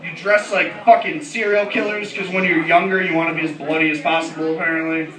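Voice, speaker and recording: Brash, high-voiced stand-up comedian. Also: male voice, steady tone, brisk. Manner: brash, profane, laughs through his lines. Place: comedy club. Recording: echoey club, distant mic, loud crowd.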